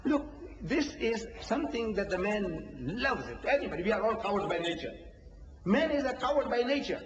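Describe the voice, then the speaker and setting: A male preacher with a high voice delivers a lively religious lecture, firing off rhetorical questions and acting out little dialogues. The sound is an old lo-fi tape with a long, roomy hall echo and a faint hiss underneath. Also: normal speed. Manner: rhetorical, acts out dialogues, laughs often. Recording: echoey hall, dull lo-fi archive tape.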